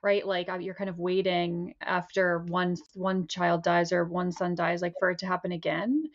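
A woman's voice: fairly low pitch, monotone, moderate pace. A woman co-hosting a podcast as a clinician, talking in a hesitant, reflective way. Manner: hesitant, reflective, many fillers. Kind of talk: casual chat. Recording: dull lo-fi mic.

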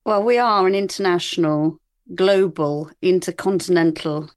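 Middle-aged female co-host, jokey and self-deprecating, slightly low voice. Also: moderate pace. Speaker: podcast co-host. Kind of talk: casual chat.

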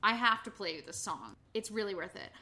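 A woman's voice: medium pitch, lively intonation, brisk, sharp tone, slight background noise. A woman co-hosting a podcast in a bubbly, giggly casual chat, swearing casually. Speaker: podcast co-host.

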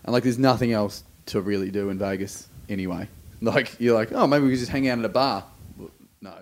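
An Australian man, a guest comedian, telling an animated story in casual podcast chat. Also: fairly low pitch, brisk.

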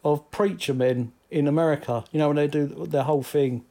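A man's voice: fairly high pitch, a little fast, gravelly, dark tone. A man co-hosting a casual podcast, blunt and wry, laughing at his own jokes. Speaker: podcast co-host. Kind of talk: casual chat.

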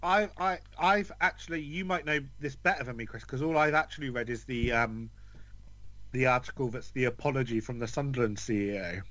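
A man's voice: medium pitch, fairly quick, a bit bright, no room sound. A man co-hosting a casual football podcast, chiming in with dry, jokey asides. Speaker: podcast co-host.

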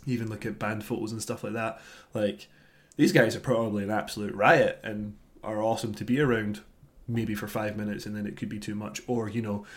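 A man's voice: on the low side, a little fast. A man in his thirties co-hosting a podcast, ranting casually about an album he disliked and swearing freely. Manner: grumbling, animated rants, swears freely. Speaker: podcast co-host. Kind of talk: casual album review chat.

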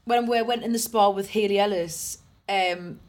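A woman's voice: medium pitch, normal speed. A woman with a Geordie accent, a comedian co-hosting a casual podcast chat, telling stories and swearing freely. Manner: chatty storyteller, swears freely. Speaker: comedian co-host.

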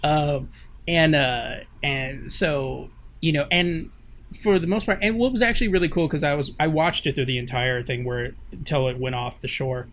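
A man's voice: on the high side, moderate pace, a bit bright. Laughing man in easygoing podcast chat. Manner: laughs often, rambling. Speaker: podcast co-host. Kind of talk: casual banter.

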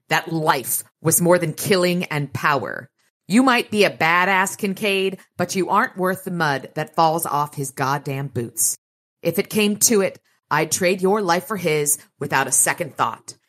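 A woman reading the lines of an angry, protective young male wizard from a novel, forceful and heated. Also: fairly low pitch.

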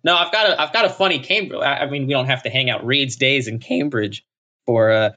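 Animated man telling a story. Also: medium pitch, a little fast, lo-fi sound. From Texas. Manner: animated, self-mocking storyteller. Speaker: podcast guest. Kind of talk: casual chat.

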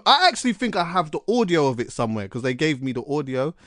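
Man, podcast host, animated storytelling, slang, dry close mic. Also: high-pitched, moderate pace, dry recording. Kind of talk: casual chat.

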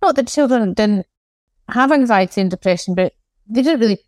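A woman's voice: fairly high pitch, lively intonation, fairly quick, a little mellow, no room sound. Candid Scottish woman in her forties. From Scotland. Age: 40s. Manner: candid, self-deprecating, dry sarcastic humour. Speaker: guest. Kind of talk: casual interview chat.

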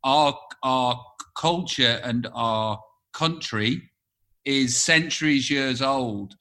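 A man's voice: mid-range voice, slow, sharp tone. A man co-hosting a podcast, telling stories in a rambling, hesitant way with dry humor. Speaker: podcast co-host. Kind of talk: casual chat.

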